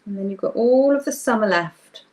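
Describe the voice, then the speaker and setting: A woman's voice: mid-range voice, animated, normal speed, darkish tone. A young woman hosting a live craft workshop, chatting casually and greeting viewers by name while she works.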